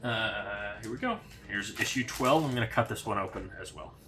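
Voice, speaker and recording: A young man casually unboxes and reviews a hobby magazine, rambling along in a relaxed way with lots of fillers. His voice is lowish at a moderate pace, with a noisy background.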